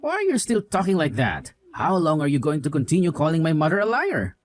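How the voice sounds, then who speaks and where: A man's voice: on the high side, wildly swooping pitch, a little fast, no room sound, faint music behind. A man voicing a young husband who scolds his wife with contempt and sides with his mother in a voiced drama story. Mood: scolding.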